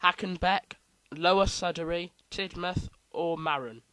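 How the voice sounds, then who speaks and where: A man's voice: sits high, measured pace, sharp tone, no room sound, low-quality recording. A man hosting a casual quiz, reading out multiple-choice options with playful asides. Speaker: quiz host.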